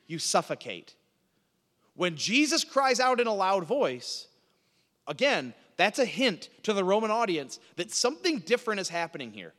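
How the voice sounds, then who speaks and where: Male preacher, high animated voice, teaching style with rhetorical questions, reverberant hall sound. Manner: asks the audience questions and answers them, repeats words. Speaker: preacher teaching a Bible class. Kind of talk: sermon-style Bible teaching.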